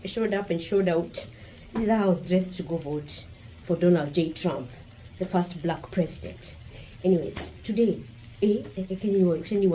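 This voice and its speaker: A woman's voice: fairly low pitch, moderate pace, mellow, a little hiss or hum, poor audio. A woman from Kenya with a Kenyan accent, giving blunt, provocative vlog commentary straight to her viewers. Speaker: vlogger. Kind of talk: opinionated casual vlog commentary.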